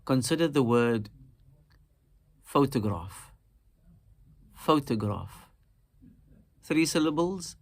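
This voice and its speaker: A man teaching Quran recitation, explaining in a calm, measured way and repeating example words slowly and deliberately. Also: mid-range voice.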